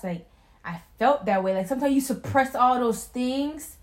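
A woman's voice: on the high side, animated, normal speed. A young woman talking casually and openly, her voice climbing and dropping with emotion. She swears freely and strings her thoughts together with lots of "like". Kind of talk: casual chat.

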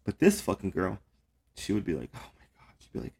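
A man's voice: low-pitched, huge pitch swings, fast talker, gravelly, long pauses, darkish tone, breathy edge. A young man hosting a casual podcast chat, telling rambling stories full of swearing and fillers. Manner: profane, rambling storyteller with lots of fillers. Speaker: podcast host.

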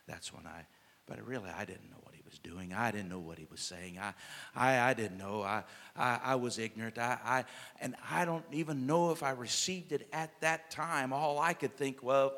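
A man preaching a sermon as pastor, impassioned, swinging between loud and soft, with many "uh" fillers. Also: mid-range voice, in a large hall.

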